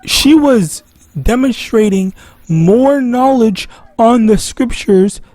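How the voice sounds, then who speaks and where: A man's voice: very high voice, slow pace, darkish tone, no room sound. A man teaching an informal religious lesson, rambling and correcting himself as he goes. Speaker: online Bible teacher.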